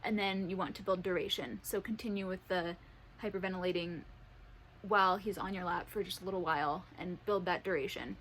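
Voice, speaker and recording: A woman training her service dog at home, talking to the camera in a calm, practical way and praising the dog warmly. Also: on the low side, brisk, a little hiss or hum, poor audio. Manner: upbeat praise to dogs between calm explanations. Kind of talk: casual training vlog. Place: bedroom at home.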